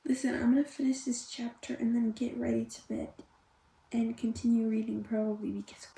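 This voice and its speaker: A woman's voice: on the high side, a little fast, creaky, echoey room. A young woman, not a native English speaker, ranting casually about a book she is reading. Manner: exasperated, swearing, animated retelling. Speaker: book vlogger.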